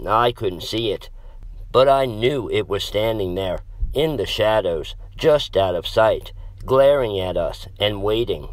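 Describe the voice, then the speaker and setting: Slow, low-voiced male horror narrator. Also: animated, no echo. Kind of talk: scripted horror story narration.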